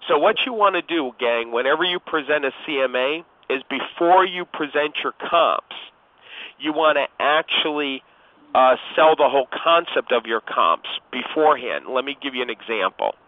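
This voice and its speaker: A man's voice: medium pitch, lively intonation, normal speed. A man acting as a real estate coach, giving instructive advice on a call and often addressing the listener by name. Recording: tinny phone line, dry.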